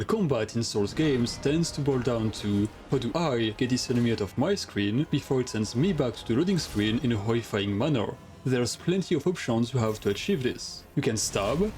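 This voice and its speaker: A young man with a French accent talks through a scripted video guide at a mid-range pitch. His delivery is steady and methodical, laying out each point in turn. Soft music plays underneath. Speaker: gaming guide creator. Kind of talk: scripted narration. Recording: light music behind.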